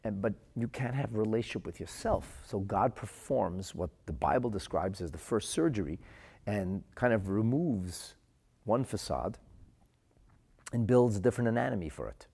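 A man's voice: lowish voice, lively intonation, normal speed, vocal fry, warm tone, slightly rough. A man giving a spoken religious lesson, telling stories earnestly and often repeating his words. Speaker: Torah teacher.

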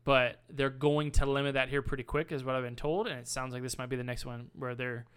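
An American man at an ordinary mid pitch explains things at length in a loose podcast chat. His voice is smooth and clear, and his tone is teasing. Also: level tone, brisk, a bit bright. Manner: teasing, storytelling. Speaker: podcast co-host. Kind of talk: casual chat.

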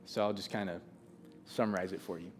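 A man's voice: low-pitched, steady tone, fairly quick, a little hiss or hum. A man preaching a sermon, earnest and conversational, often restarting his sentences. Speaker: pastor.

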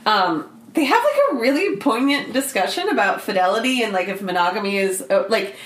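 A woman co-hosting a podcast in casual chat, animated and jokey, slipping into quick gossip voices. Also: mid-range voice, reverberant. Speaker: podcast co-host.

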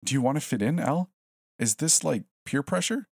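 A man's voice: medium pitch, sing-song, moderate pace, no echo, studio quality, voice pushed up. A man voicing a cornered, defiant college student in a horror story, speaking in a raised, incredulous, pleading voice.

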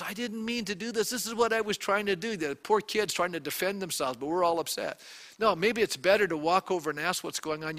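A male pastor preaching in a chatty, questioning way, his voice pitched high and bright. The sound carries the long reverb of a church hall. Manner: conversational preaching with rhetorical questions to the congregation. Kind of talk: sermon.

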